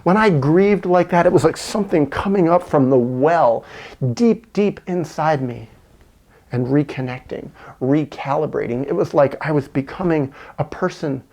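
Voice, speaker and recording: A man's voice: fairly high pitch, moderate pace, a little mellow. A man telling a personal story in an earnest, reflective monologue, repeating words for emphasis. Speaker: video essayist.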